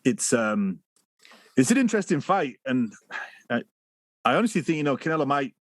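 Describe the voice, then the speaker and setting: A man's voice: medium pitch, big pitch swings, normal speed, dry recording. A man co-hosting a boxing podcast, chatting loosely with many fillers. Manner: loose, leans on "you know" fillers. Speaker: podcast co-host. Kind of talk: casual boxing podcast chat.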